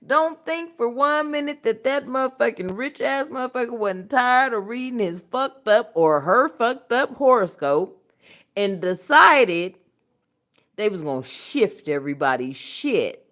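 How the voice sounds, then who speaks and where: A woman's voice: lively intonation, a little slow. Blunt, profane woman ranting on a livestream. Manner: blunt, profane, laughs often; swings from low mutters to loud outbursts. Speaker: spiritual channel host. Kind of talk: casual livestream talk.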